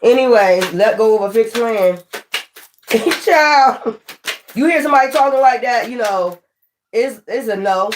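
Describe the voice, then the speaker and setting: A woman's voice: a little high, lively intonation, a little slow, long pauses, a little hiss or hum. A woman giving a casual spiritual tarot reading, blunt, profane and preachy, rambling with frequent restarts. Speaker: tarot reader.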